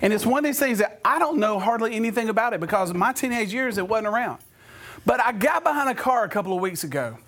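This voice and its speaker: A middle-aged man whose voice sits unusually high for a man. He speaks as a youth minister addressing a group of teenagers, telling animated, humorous stories and throwing questions at the crowd. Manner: animated storytelling with audience questions.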